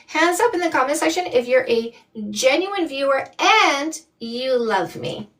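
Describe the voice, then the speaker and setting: A woman's voice: sits high, lively intonation, unhurried, fairly bright tone, distant mic. A woman from Canada hosting a live stream as a dating coach, reading viewer comments with blunt, sassy emphasis. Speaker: dating coach and livestream host.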